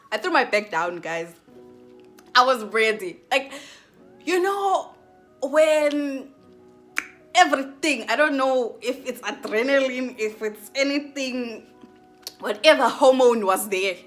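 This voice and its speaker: Bright-voiced young woman vlogger. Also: a little high, a little slow, faint music behind. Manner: dramatic, chatty retelling full of fillers. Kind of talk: storytime vlog.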